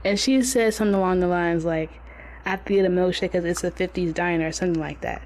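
A woman's voice: on the low side, quick pace, darkish tone, slight background noise. A woman co-hosting a podcast, playfully defending herself while telling a story in casual chat. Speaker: podcast co-host.

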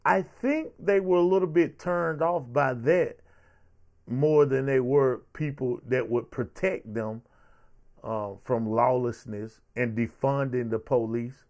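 A man's voice: mid-range voice, slow pace, darkish tone, muffled recording. A man hosting a show, giving heated, sarcastic political commentary with a lot of repetition. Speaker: show host.

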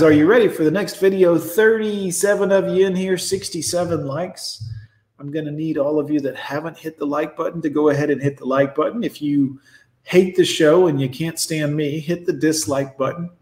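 A man in his forties hosting a casual reaction stream, talking in a blunt, sarcastic, profane way. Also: a little high. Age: 40s. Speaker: streamer host reacting to videos. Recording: echoey room.

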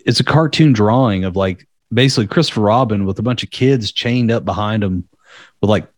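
A man co-hosting a podcast, rambling casually and swearing as he tells a dark story. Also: lowish voice, brisk, no room sound. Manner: rambling, profane, laughing at dark material. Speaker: podcast co-host.

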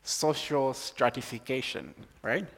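A man from Zambia preaching a sermon, moving from calm teaching to loud, excited preaching. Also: mid-range voice, slow, vocal fry, big-room sound.

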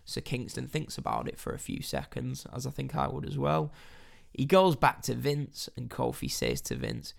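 A man's voice: medium pitch, wildly swooping pitch, normal speed, gravelly. A man hosting a wrestling news podcast, chatting casually and wryly reading stories aloud. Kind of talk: casual solo podcast chat.

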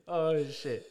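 A man's voice: a little high, a little mellow. A young man hosting a casual podcast, telling a frustrated story full of swearing and mimicked voices. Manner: profane, ranting storyteller, puts on voices. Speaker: podcast host. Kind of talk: casual chat.

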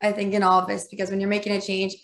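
Woman w thick minnesotan accent, podcast cohost, mid pitch, playful n rambly. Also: completely flat delivery, racing, fairly bright tone. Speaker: podcast co-host. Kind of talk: casual chat.

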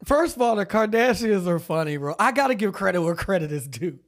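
Slightly fast and high-pitched, this man co-hosts a laid-back podcast. He spins animated stories, laughing a lot and performing the quotes.

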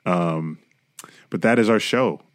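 A man with a very deep voice co-hosts a podcast from his room. He talks in a loose, joking way with plenty of swearing. The recording is close and dry. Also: takes it slowly, dry recording. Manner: joking, profane, laid-back. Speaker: podcast co-host. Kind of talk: casual podcast chat. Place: home room lit by a ring light.

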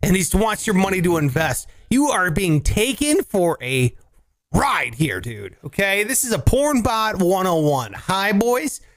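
A man with a Southern accent co-hosts a podcast in a loose, jokey way. His voice sits high and swings widely, and he keeps jumping into silly character voices. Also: big pitch swings, a little slow, a bit bright. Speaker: podcast co-host. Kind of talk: joking banter with put-on voices.

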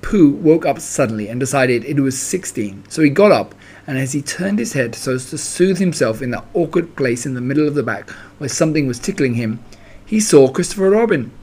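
A man reading a children's story aloud in a gentle, expressive way. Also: mid-range voice, brisk, husky.

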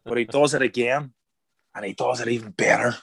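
A man telling a story in an interview as a guest, animated and acting out the voices of people he quotes. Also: mid-range voice, brisk, creaky, breathy edge. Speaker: guest, former boxer turned actor.

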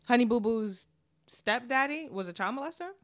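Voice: medium pitch, expressive, normal speed, a bit bright. A podcast co-host with a New York accent, from Brooklyn, telling stories in a casual, slangy, profane chat and laughing often.

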